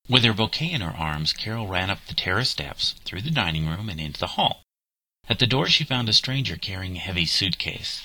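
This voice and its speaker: Low-voiced guy reading an audiobook, bright tone, dry close mic. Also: expressive, dry recording, low-quality recording. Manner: measured, clear storytelling. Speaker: narrator. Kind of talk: audiobook narration.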